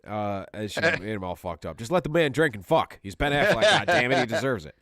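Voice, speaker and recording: A man's voice: medium pitch, very animated, fairly quick, a bit bright, no room sound, studio quality. A man co-hosting a casual podcast chat, telling rambling, profane stories and laughing often. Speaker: podcast co-host.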